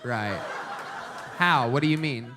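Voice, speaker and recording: A man hosting a live comedy show, teasing guests with crude jokes and quick laughs on a comedy club stage. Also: medium pitch, bright, forceful tone, slight background noise.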